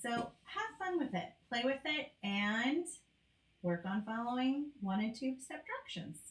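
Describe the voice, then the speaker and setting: Slow, encouraging woman teacher, echoey room. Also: mid-range voice. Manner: slow, clear and encouraging, praising often. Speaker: speech teacher. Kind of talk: read-aloud and speech lesson for a child.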